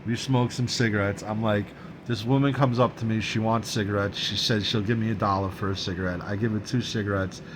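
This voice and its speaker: A man's voice: fairly low pitch, steady tone, fairly quick, noisy background. A man casually telling a long story for his vlog. He rambles, repeats himself, swears freely and laughs as he talks. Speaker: vlogger. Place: dining room at home.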